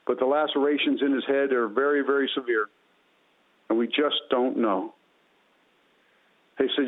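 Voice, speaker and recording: A man's voice: mid-range voice, fairly even intonation, moderate pace, long pauses. A man calling in to tell an earnest personal testimony, repeating phrases as he builds the story. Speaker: caller telling his testimony. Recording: tinny phone line.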